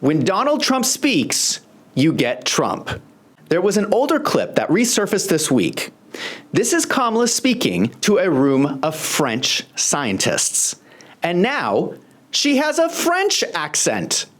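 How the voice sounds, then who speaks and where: Host, political commentary, sarcastic, very lively intonation, mid pitch. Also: takes it slowly. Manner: sarcastic, pointed.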